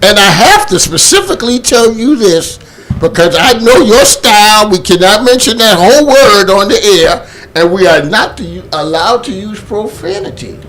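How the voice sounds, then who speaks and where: A male host carries a casual talk show with playful banter. His voice sits high and swings widely in pitch as he jokes and laughs with his guests. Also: lively intonation, moderate pace, fairly bright tone. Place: church basement studio.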